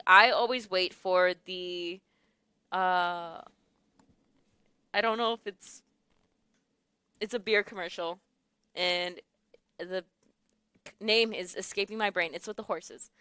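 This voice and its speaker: A young woman hosts a morning radio show from a studio. Her voice is bright and clear, recorded close and dry, and she chats casually, laughing often and losing her words mid-sentence. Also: mid-range voice, fairly even intonation, slow, pauses often, dry recording. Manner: chatty, laughs often, trails off searching for words. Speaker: radio host. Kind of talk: casual chat. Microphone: studio microphone.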